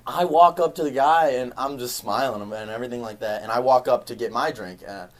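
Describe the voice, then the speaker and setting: A young man hosting a casual podcast, an animated storyteller who laughs often. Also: mid-range voice, brisk. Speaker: podcast host.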